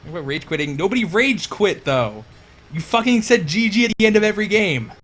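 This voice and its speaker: A man's voice: sits high, lively intonation, fairly quick, a bit bright. A young man casually commentating a video game match, sardonic and profane. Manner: sardonic, profane, laughs often. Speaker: esports commentator.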